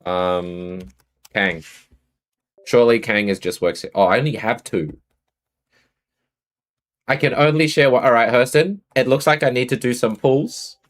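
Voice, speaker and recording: A man's voice: mid-range voice, a little slow, pauses often. A man with an Australian accent chatting casually on a live stream, greeting and answering his viewers.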